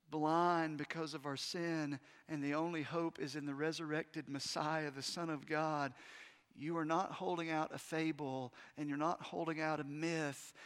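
A man preaching a sermon emphatically, moving between hushed and loud delivery. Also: a little high. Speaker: pastor. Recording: long hall reverb.

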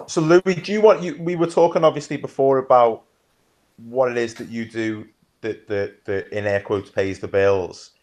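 A man's voice: medium pitch, moderate pace, a little mellow. A man hosting a podcast, easygoing and conversational as he asks his questions. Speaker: podcast host. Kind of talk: casual interview chat.

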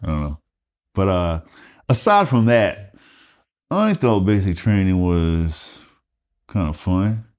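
A man's voice: low voice, slow, pauses often. A middle-aged man with a Southern US accent, a retired Air Force guest telling stories casually, profane and acting out quotes. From South Carolina, USA. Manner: animated, profane, acts out quotes in raised voice. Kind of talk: casual storytelling interview.

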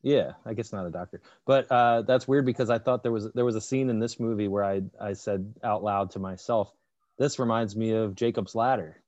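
A man co-hosting a comedy podcast, wry and deadpan, often trailing off with fillers. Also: on the low side, brisk, few pauses, no room sound, highs cut off. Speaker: podcast co-host. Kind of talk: casual comedy banter.

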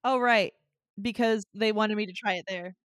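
A woman co-hosting a relaxed podcast with an easygoing, giggly manner. Her voice sits at a middle pitch. The recording is dry and close. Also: moderate pace, no room sound. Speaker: podcast co-host. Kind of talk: casual chat.

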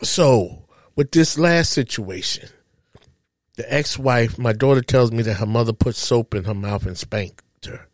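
A man's voice: mid-range voice, unhurried, no room sound. A middle-aged man from New Jersey, telling a painful personal story on a podcast, acting out the dialogue as he goes. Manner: emotional, animated retelling with quoted dialogue.

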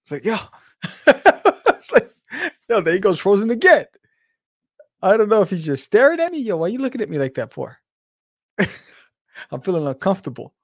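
A man's voice: high-pitched, moderate pace, long pauses, dry recording, studio quality. A man co-hosting a podcast over a video call, chatting casually and laughing often. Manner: playful, laughs often, animated. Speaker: podcast co-host. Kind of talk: casual chat.

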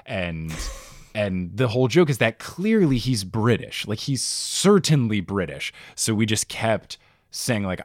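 A man's voice: deep voice, no echo, clean studio sound. A man on a podcast, talking casually and animatedly with plenty of fillers and exaggeration. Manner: animated, hyperbolic, many "like" fillers. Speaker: podcast guest.

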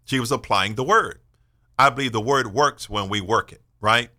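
This faith-based radio host is a man in his sixties with a sharp, mid-range voice at a moderate pace. His delivery is sermon-like, earnest and emphatic, framed as personal testimony.

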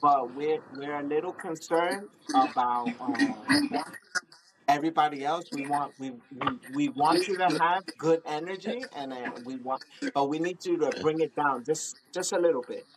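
A man tells a lively story with a slightly high voice, jumping from his own lines to the voices of others and laughing through the punchlines. Crowd noise hums clearly in the background. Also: moderate pace, rough recording. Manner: excitable, laughing, acts out dialogue. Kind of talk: animated anecdote, quoting others.

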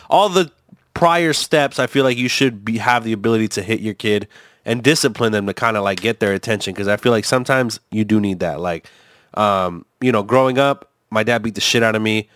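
A man's voice: fairly low pitch, fairly quick, fairly bright tone, clean tone, no echo, studio quality. A man rambling through a casual podcast chat, swearing often and restarting his sentences with lots of fillers. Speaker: co-host reacting to a video.

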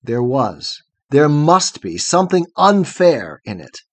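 A man narrating a fairy tale audiobook in a measured, expressive storytelling manner. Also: on the high side, dry recording.

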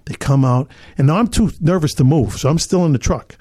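An older man from Chicago, a podcast guest telling an animated story, acting out other people's lines and laughing as he goes. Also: fairly high pitch, brisk, slightly rough, no room sound, studio quality. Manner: acts out other people's lines, repeats himself, laughs as he talks.

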